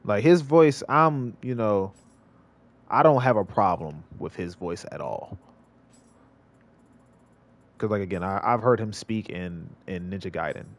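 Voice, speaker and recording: A man's voice: lowish voice, lively intonation, measured pace, long pauses. A male streamer giving casual gameplay commentary, rambling and repeating himself with many restarts. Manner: rambling, repetitive, lots of restarts.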